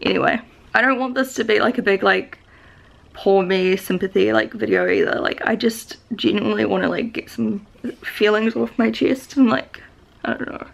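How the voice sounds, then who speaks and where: A young woman from New Zealand, speaking with a Kiwi accent, rambles to the camera in a confessional vlog. Her mid-range voice moves at a normal pace with some vocal fry, and she sounds upset, fighting back tears, filling her talk with lots of "likes" and restarts.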